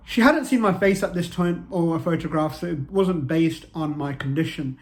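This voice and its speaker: A man's voice: on the high side, normal speed, hardly any pauses. A man, telling a personal story to camera in an earnest way and repeating phrases for emphasis. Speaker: motivational vlogger.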